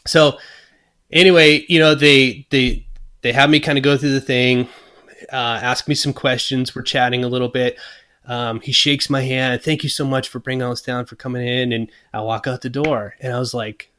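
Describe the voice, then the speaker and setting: A man of middle pitch tells a story in relaxed interview talk. He acts out his own thoughts and what others said, with plenty of ums and restarts along the way. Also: normal speed. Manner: many fillers and restarts. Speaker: guest luthier. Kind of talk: casual storytelling.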